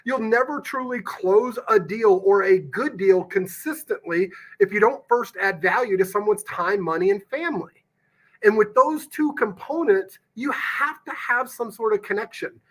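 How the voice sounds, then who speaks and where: His voice is high-pitched and fairly bright, at a moderate pace. As a podcast guest and real estate investor, he talks up deals with a salesman's punch, intense and emphatic, occasionally swearing casually.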